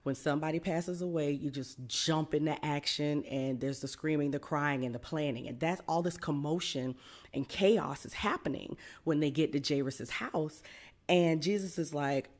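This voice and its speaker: A woman hosting a podcast, retelling a Bible story in a casual, animated way and pleading with her listeners to hold on. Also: deep voice, moderate pace. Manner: animated storyteller, acts out quotes; pleading, encouraging. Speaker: podcast host. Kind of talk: conversational Bible teaching.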